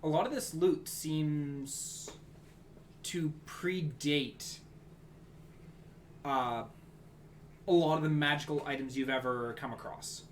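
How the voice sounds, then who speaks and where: A man's voice: on the high side, fairly even intonation, slow pace, long pauses, a little hiss or hum. A man narrating as game master in a casual, rambling way.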